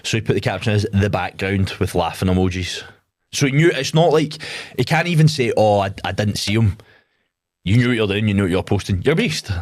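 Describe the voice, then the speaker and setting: A Scottish man with a low voice talks bluntly on a podcast, swearing and mocking. His voice sounds dry and close to the mic, with no room around it. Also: lively intonation, brisk, no room sound. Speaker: podcast co-host. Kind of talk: casual chat.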